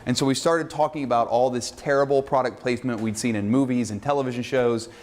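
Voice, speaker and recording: A man recording a casual video greeting for a screening audience, with a middle-pitched voice. He tells his story with animated exasperation and an easygoing directness. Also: fast. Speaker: filmmaker introducing a screening.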